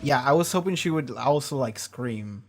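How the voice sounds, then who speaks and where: A man's voice: medium pitch, normal speed, slight background noise. Profane, rambling male reaction streamer. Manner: animated, profane, rambling with restarts. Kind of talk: casual reaction commentary. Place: home streaming setup.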